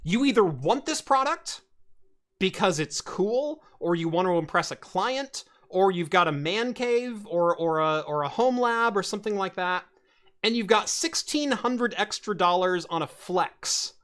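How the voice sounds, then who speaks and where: A man with a high-sitting voice and a slightly slow delivery hosts a casual tech podcast. He tells animated, rambling stories packed with fillers and restarts.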